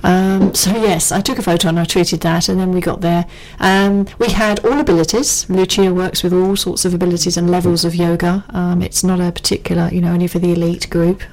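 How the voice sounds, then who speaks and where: Chatty middle-aged woman, lower voice. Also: level tone, a little fast, hardly any pauses, darkish tone, rough recording. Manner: chatty, rambling, lots of ums and asides. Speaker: guest. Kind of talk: casual chat.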